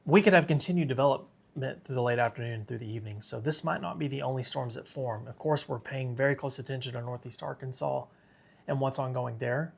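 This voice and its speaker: Tired gravelly man on a weather stream. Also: mid-range voice, a little fast. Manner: casual, chatty, reads viewer comments aloud. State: tired and sick, yawning. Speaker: weather livestream host. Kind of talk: live severe weather coverage.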